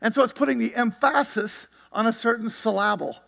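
Male pastor, conversational sermon delivery, high voice, long reverb. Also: fairly quick, creaky, a bit bright. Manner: conversational preaching with frequent "right?" and "you see it?".

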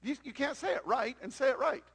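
Very high-voiced gravelly male preacher. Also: fairly quick, fairly bright tone. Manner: preaching with frequent rhetorical questions to the congregation. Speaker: pastor. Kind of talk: sermon.

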